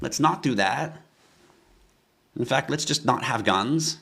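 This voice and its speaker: A man's voice: mid-range voice, expressive, slow pace, gravelly, pushed and bright, slightly rough. A man hosting a live crypto stream, talking bluntly to his chat viewers and ranting at times. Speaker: livestream host.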